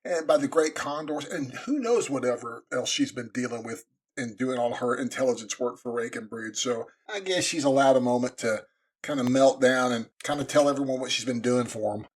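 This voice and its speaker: Husky man chatting casually. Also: mid-range voice. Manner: relaxed, halting. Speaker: podcast co-host. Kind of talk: casual chat.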